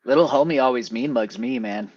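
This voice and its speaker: A man who photographs events and does stand-up comedy, chatting casually and telling stories with lively energy. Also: medium pitch, brisk, highs cut off, crowd noise. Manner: animated storyteller, jumps into quoted voices. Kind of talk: casual chat.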